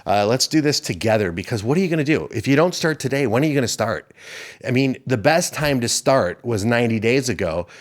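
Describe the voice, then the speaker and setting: A man in his fifties talking straight to his listeners in a pumped-up, preachy motivational monologue. He rambles a little and keeps circling back to his point. His voice sits in a plain middle pitch. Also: animated, a little fast. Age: 50s. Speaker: podcast host.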